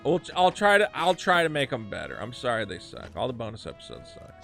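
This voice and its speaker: A man streams a video game and talks casually over it, ranting and cursing. His pitch swings widely up and down as he gets worked up. Soft game music plays quietly behind him. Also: a little fast, gravelly. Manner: profane, ranting, animated. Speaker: streamer and podcast host. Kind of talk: casual gameplay commentary.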